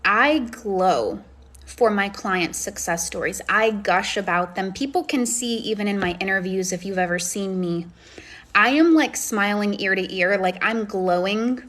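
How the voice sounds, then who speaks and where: A woman's voice: mid-range voice, measured pace, a bit bright. A woman coaching and chatting on a phone live stream, effusive and encouraging as she answers comments. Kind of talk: casual live-stream chat, reading comments.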